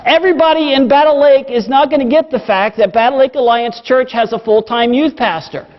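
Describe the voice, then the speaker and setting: High-voiced pastor preaching in a reverberant hall. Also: male voice, brisk. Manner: earnest, storytelling with emphatic repetition. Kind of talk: sermon. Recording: dull lo-fi recording with long hall reverb.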